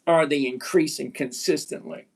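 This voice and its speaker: A man in his sixties hosting a live stock-trading chat, blunt and emphatic, repeating key points slowly. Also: a little high, fairly even intonation, creaky, slightly rough. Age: 60s. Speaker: livestream host.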